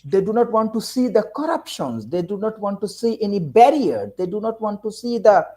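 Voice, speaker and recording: A woman's voice: medium pitch, sing-song, moderate pace, dark tone, low-quality recording. A woman from Bangladesh, a university teacher speaking, gives an emotional, urgent panel speech full of repeated phrases and rhetorical questions. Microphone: video call.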